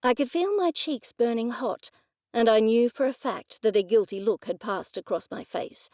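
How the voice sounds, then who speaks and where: A woman narrating a first-person cozy mystery audiobook in a measured, expressive storytelling manner. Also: a little high, no echo, studio quality.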